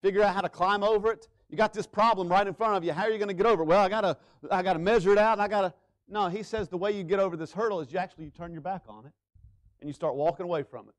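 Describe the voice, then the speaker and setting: A man with a high-pitched voice preaches from the pulpit of a church. He rises into loud, urgent appeals, then drops to hushed, slow emphasis on key words. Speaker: pastor. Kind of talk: sermon. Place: church sanctuary.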